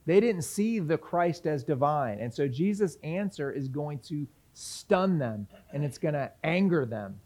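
A man's voice: a little high, expressive, unhurried, hardly any pauses, a little mellow. A man teaching from the Bible in a sermon, asking the audience questions and reading passages aloud. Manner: reads scripture aloud.

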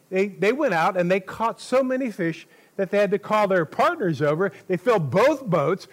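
A man preaching a sermon, telling the story in an animated way and acting out quotes loudly, with short laughs between phrases. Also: sits high, moderate pace, few pauses.

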